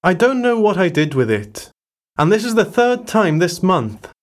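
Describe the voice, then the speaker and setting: Man with a lively, slightly high voice. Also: normal speed. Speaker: dialogue actor in a listening exercise. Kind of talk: scripted everyday dialogue.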